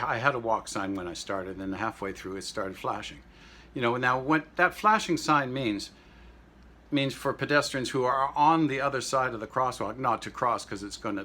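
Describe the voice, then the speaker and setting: A man's voice: lowish voice, pushed and bright, slightly rough. A man telling rambling, indignant everyday anecdotes in a casual vlog monologue. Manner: greets the audience in French and German. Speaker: vlogger.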